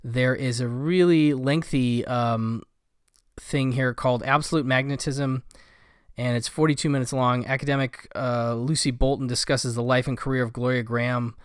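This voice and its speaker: Chatty man with a smooth voice. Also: mid-range voice, fairly even intonation, normal speed, dry recording, studio quality. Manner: rambling, with many fillers and asides. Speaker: film collector reviewing a Blu-ray set. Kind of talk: casual video review.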